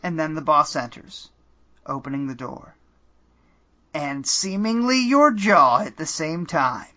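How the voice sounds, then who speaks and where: A man runs a comedic choose-your-own-adventure game on his podcast, narrating with dry deadpan that occasionally gives way to laughter. His bright, fairly high voice moves a little slowly, and the recording is slightly muffled and lo-fi.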